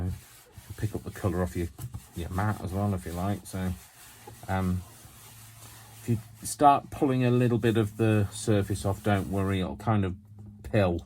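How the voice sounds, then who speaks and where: A man with a deep, low voice talks through a craft tutorial at home, chatty and loose, often mocking himself as he goes. A faint hiss sits under the recording. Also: a little mellow. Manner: rambling, self-mocking asides. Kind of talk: chatty hands-on demonstration.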